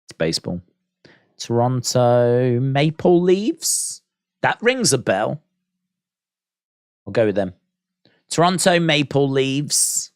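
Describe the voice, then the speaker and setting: A British man hosting a watch-along live stream is very animated yet speaks at a measured pace, pausing often, in a mid-range voice. The studio sound is clean with no echo, and he casually thinks aloud, reads viewer comments and mocks himself.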